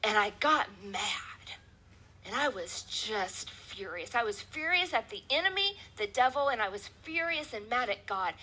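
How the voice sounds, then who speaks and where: A woman's voice: high-pitched, lively intonation, unhurried, bright, forceful tone, poor audio. A woman preaching a sermon in a church, driving her points home with emphatic, repeated phrases.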